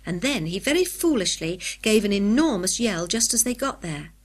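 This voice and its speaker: A woman's voice: medium pitch, very animated. Woman reading a children's adventure. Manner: clear, measured storybook reading. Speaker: audiobook narrator. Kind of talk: scripted narration.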